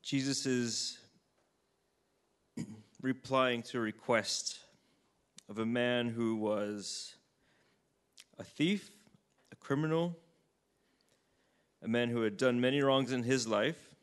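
Man, preacher, reflective sermon, unhurried, clears throat, mid pitch. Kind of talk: scripture reading and reflection.

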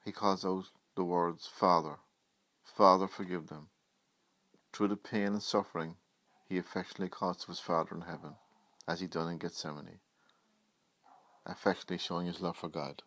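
A man preaching a Good Friday sermon, reading scripture in an earnest, measured way. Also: low voice, little pitch movement, no room sound.

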